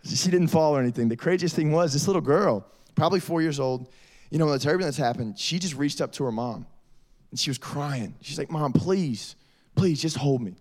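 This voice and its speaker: A man's voice: on the high side, a little fast. A man preaching to middle schoolers as a youth pastor, telling stories. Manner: lively storytelling, addresses audience as y'all. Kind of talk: youth sermon.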